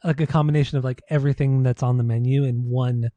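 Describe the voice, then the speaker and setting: Mellow, rambling podcast co-host man. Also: medium pitch, fast, no room sound. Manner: relaxed, rambling, filler-heavy. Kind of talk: casual chat.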